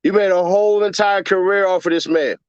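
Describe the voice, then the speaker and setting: A man's voice: high voice, fairly even intonation, a little fast, smooth, no echo, dull audio. A man, hosting a casual livestream and ranting with profane jokes. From Chicago, USA. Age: 30s. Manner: profane joking rant, puts on mocking voices. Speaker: livestream host.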